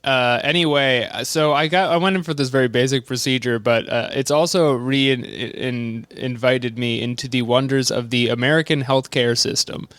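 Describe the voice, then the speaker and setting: A man's voice: mid-range voice, fairly even intonation, moderate pace, few pauses, a bit bright, no room sound. A male podcast host telling a rambling comic story and acting out other people's lines, laughing often. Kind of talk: comedic storytelling chat.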